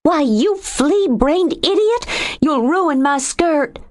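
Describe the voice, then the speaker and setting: A woman narrator voicing a proud, sharp-tongued young woman in an audiobook. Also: sits high, lively intonation, takes it slowly, pitched above the performer's own voice. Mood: indignant.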